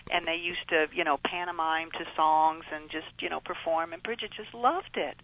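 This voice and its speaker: Middle-aged woman, interview guest, earnest rambling storyteller with a bright tone. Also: sits low, fairly even intonation, moderate pace, highs cut off. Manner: earnest, rambling with many fillers. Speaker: guest, mother of child actors. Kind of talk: storytelling in conversation.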